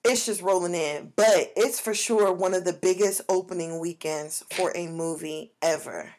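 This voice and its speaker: A woman's voice: fairly low pitch, moderate pace, darkish tone. A young woman from Africa co-hosting a podcast, chatting candidly and casually with plenty of slang. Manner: candid, slangy, laughs easily. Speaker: podcast co-host. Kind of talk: casual chat.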